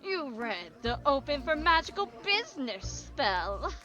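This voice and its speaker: A woman voicing a pompous, vain female sea witch in a drawn-out, lowered diva manner, in a self-described terrible impression. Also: sing-song, sharp tone, faint music behind, heavily acted. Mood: grandiose.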